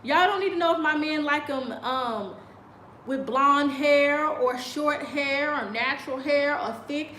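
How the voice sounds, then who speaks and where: Sassy woman host with a high, bright voice, in an echoey room with faint noise behind her. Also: measured pace. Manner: chatty and sassy, laughs often. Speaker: vlogger. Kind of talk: casual commentary. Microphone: video call on a choppy connection.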